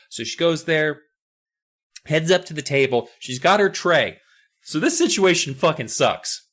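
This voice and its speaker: A man talks through a horror story on a podcast, casual and loose with plenty of cursing. His pitch swings widely as he tells it, and he keeps slipping into high, squeaky voices to play out the characters' lines. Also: unhurried. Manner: animated, swears a lot, acts out characters in high squeaky voices. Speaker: podcast co-host. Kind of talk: casual podcast recap chat.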